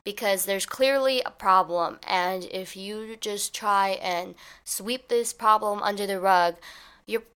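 Animated woman hosting a solo advice podcast. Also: mid-range voice, slow, smooth. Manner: animated storytelling, acts out little scenes in quoted voices; casual, conversational, with "like" and "kinda". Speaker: podcast host.

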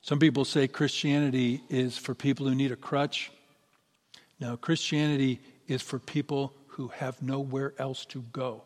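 A man's voice: mid-range voice, steady tone, a little slow. A middle-aged man preaching a sermon as pastor, earnest and building to emphatic peaks. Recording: long reverb of a large hall.

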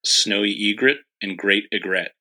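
A man's voice: lowish voice, normal speed, pushed and bright, low-quality recording. A man co-hosting a casual podcast, easygoing and agreeable, wrapping up the episode. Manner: easygoing, agreeable, wraps up the show. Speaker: podcast host. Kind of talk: casual chat.

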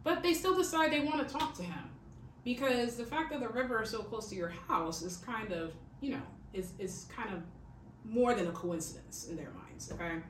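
With a slightly high voice, lively intonation, and a normal pace, a podcast host chattily narrates a true-crime story, leaning on "like" and "okay?". The sound is echoey and distant, carrying a faint hiss.

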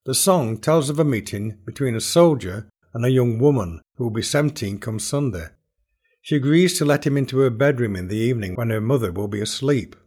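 A man hosting a podcast, reading a scripted explanation in a measured, explanatory way. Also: medium pitch, lively intonation, darkish tone, breathy edge. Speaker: podcast host and folk singer.

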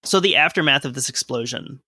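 A man's voice: mid-range voice, brisk, sharp tone, slightly rough, dry recording, studio quality. A man co-hosting a casual history podcast, explaining events and reading from sources with offhand asides. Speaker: podcast co-host.

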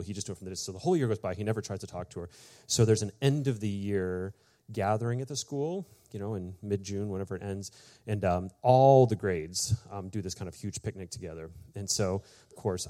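Pastor guy telling a funny story in a sermon, chatty, lots of "like", jumps way up when he quotes people. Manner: animated storyteller, acts out quoted lines with big pitch jumps; casual, many fillers like "like" and "you know".

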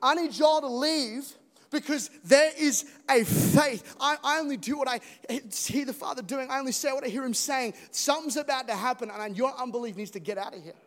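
A bold, commanding healer speaks firmly in casual slang, put on by a man. His high voice carries long reverb through a large hall. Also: moderate pace, a bit bright. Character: bold, calm male miracle worker clearing a room.

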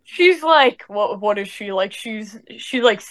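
A woman's voice: medium pitch, animated, unhurried, a crowd in the background. A woman co-hosting a podcast, telling stories in casual chat with frequent laughter. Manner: rambling storyteller, laughs often. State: sick. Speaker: podcast co-host.

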